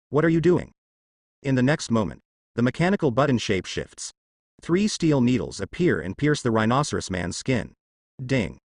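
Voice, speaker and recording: A man giving steady scripted narration of a translated web novel, reading sound-effect words aloud. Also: mid-range voice, no room sound, clean studio sound.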